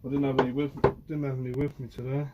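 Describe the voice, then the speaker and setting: A man's voice: medium pitch, little pitch movement, fast, lo-fi sound, heavy background noise. A young man from Guernsey, a fisherman chatting casually on a phone live stream and answering viewers by name. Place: outdoors by the shore.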